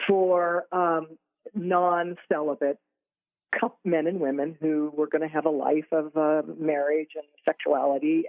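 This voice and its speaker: A woman's voice: sits low, no room sound. Woman guest on a tinny call line. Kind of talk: talk radio interview over Skype.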